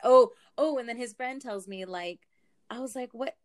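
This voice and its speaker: A young woman casually telling a story, animated, swearing and laughing as she goes. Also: a little high, moderate pace.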